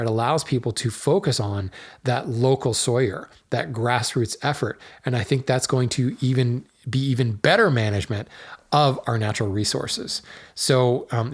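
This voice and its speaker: A man's voice: medium pitch, breathy edge. A man hosting a podcast, talking casually and loosely with many fillers and restarts as he works at a hardwood dealer. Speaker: podcast host. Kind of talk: casual solo talk.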